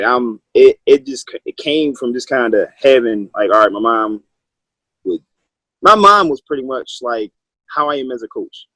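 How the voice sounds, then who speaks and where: Husky-voiced man telling stories. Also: medium pitch, fairly bright tone, no room sound, low-quality recording. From Maryland, USA. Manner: loose, rambling storytelling with many restarts. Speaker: high school wrestling coach, guest. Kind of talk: casual interview talk.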